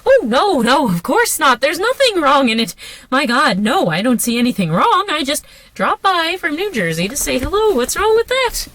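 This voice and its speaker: A woman rehearsing the part of a nervous married woman who talks in a rushed, breathless way, in the front seat of a car. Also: high voice, very animated, fairly bright tone, pitched above the performer's own voice. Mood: flustered. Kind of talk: solo line rehearsal.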